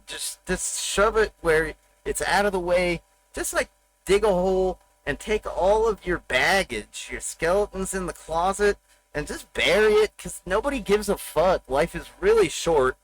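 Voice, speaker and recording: A middle-aged man talks straight into his desk mic on a livestream, his voice sitting a bit high for a man. He rambles in a raw, confessional rant, cursing freely and swinging from bravado to grim candor. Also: fairly bright tone, slight background noise, poor audio. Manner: blunt, profane, confessional rant. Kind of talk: rambling personal monologue.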